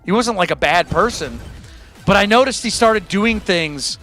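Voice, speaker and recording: A man's voice: sits high, lively intonation, normal speed, bright, forceful tone. A man hosting his own music livestream, chatting candidly and self-deprecatingly with his audience in a rambling way. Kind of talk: casual chat to a live audience.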